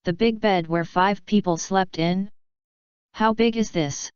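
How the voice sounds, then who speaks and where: A woman's voice: medium pitch, a little slow, clean tone, no echo, close to an everyday voice. A woman voicing a bold, teasing young actress in a storybook, in a slightly dull lo-fi recording. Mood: curious.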